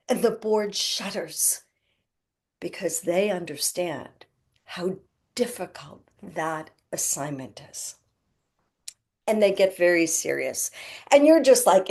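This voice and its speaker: A woman's voice: mid-range voice, lively intonation, slow pace, darkish tone. A middle-aged woman, a healer and podcast guest, telling a spiritual story in an earnest way and acting out the voices in it.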